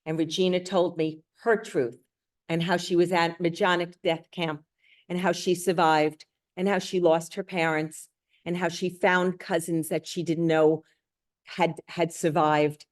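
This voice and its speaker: A woman's voice: fairly low pitch, a little slow. A middle-aged woman, a cookbook author, telling stories to an audience and acting out the dialogue. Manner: lively anecdotal storyteller, acts out dialogue. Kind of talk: storytelling talk to an audience.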